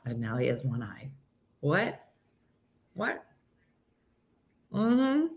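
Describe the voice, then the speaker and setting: A woman's voice: sits low, drawn-out words, pauses often. A woman hosting a casual morning show, telling a funny story with lots of laughing and acted-out quotes. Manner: animated storytelling, acts out quotes, laughs often. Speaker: host.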